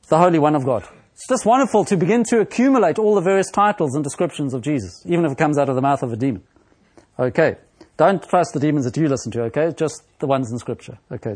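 A male preacher giving an expository sermon, speaking slowly and deliberately with frequent pauses and fillers, and quoting scripture in a raised, animated voice. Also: a little high.

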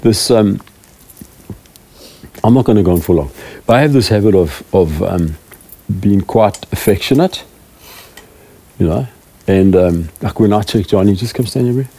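A man's voice: lowish voice, moderate pace, long pauses, dark tone, slightly rough. A middle-aged man, a preaching elder, giving a rambling, self-deprecating talk to a small group of church leaders. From South Africa.

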